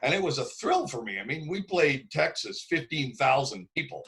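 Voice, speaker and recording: An older man from Canada sits in as a guest, telling stories in a loose, lively way. His voice sits at a middling pitch, and he acts out the voices of the people he quotes. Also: normal speed, gravelly, poor audio. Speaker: guest drummer. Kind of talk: casual interview storytelling.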